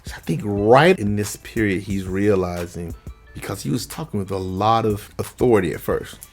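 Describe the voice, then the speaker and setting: A man with a somewhat low voice tells an anecdote straight to his audience, easygoing and chatty. He acts out other people's lines as he goes. Faint music plays behind him. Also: moderate pace. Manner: relaxed, conversational, with frequent fillers. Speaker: vocal coach. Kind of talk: casual storytelling to camera.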